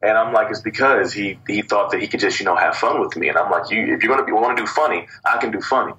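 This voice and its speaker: A young man, a wrestler from Cleveland, telling stories in a casual interview with an animated, boastful trash-talking manner. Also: on the low side, fast, low-quality recording. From Cleveland, Ohio. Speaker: wrestler guest.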